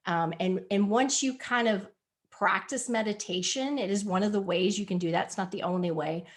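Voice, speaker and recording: A wellness presenter talks about spiritual health during a live online video call. Her voice is medium-pitched and moderately paced, and she comes across as earnest and coaxing, restating her points often.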